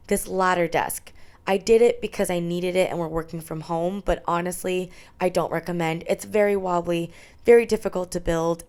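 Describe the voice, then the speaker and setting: A woman's voice: lowish voice, darkish tone. A young adult woman narrating a tour of her small apartment, chatty and candid as she lists her things. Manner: chatty, candid, listing items. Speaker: vlogger.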